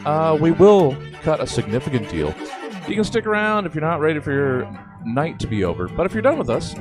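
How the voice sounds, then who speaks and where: Dude doing closing announcements at a comedy club, super animated pitch, guitar music behind him. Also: male voice, brisk. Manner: upbeat promotional wrap-up. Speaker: comedy theater host. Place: comedy theater stage. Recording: music playing under the voice.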